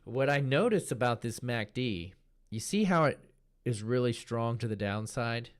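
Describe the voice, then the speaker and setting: A man's voice: medium pitch, moderate pace. A man hosting a live trading stream, talking casually as he walks through charts and often repeats a word for emphasis. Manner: relaxed, talks while pointing at charts, repeats words for emphasis.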